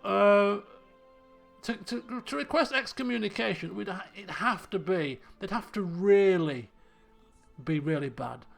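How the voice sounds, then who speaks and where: A man's voice: sits high, unhurried, gravelly, faint music behind. A man casually commentating his own strategy game playthrough, joking and thinking aloud. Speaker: let's play host.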